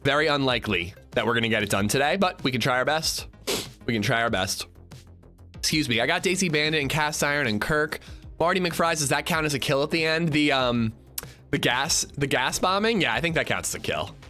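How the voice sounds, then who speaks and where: A young man chatting casually on a gaming livestream, rambling and animated as he reads chat while playing. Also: medium pitch, fairly quick, faint music behind.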